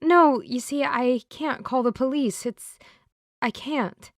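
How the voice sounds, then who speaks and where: A woman's voice: sits high, slow, no room sound, pitched above the performer's own voice. An anxious young woman, as the narrator voices her, urgent and pleading. Her voice rises above the narration, close and dry.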